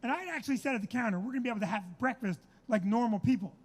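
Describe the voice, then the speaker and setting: A man's voice: extremely high pitch, very fast. A middle-aged man, telling a comic story in a brash, profane, exaggerated way. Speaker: comedian host. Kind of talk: storytelling chat.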